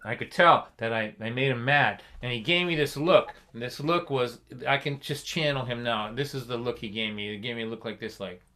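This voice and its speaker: Man, Boston accent, middle-aged, comic storyteller, bright tone, animated delivery. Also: mid-range voice, a little fast, few pauses. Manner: animated, acts out his father's lines with rising intensity. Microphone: live stream mic.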